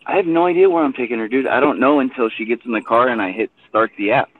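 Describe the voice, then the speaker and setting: A man's voice: mid-range voice, fast, a little hiss or hum. A man hosting a casual chat from his car between rideshare pickups, laid-back and rambling, saying dude a lot. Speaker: host and rideshare driver. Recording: tinny phone-line audio.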